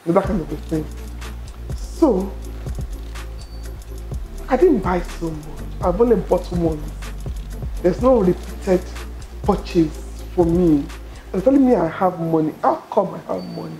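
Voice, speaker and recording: A middle-aged Nigerian woman telling her story as an interview guest, expressive and quick to laugh. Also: lowish voice, soft background music. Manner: expressive, laughs often, acts out quoted dialogue. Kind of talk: animated personal storytelling.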